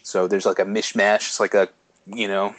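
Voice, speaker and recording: Chatty man, low voice, dry sound. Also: flat delivery, normal speed, fairly bright tone, dry recording. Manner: chatty, laughs often, many fillers and restarts. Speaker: podcast co-host. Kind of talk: casual chat.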